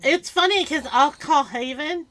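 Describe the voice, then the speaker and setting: A woman's voice: sits high, unhurried, crowd noise, poor audio. A middle-aged woman chatting casually on a video call, telling family stories and acting out both sides of phone calls. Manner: animated storyteller who acts out family phone calls. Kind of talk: casual chat.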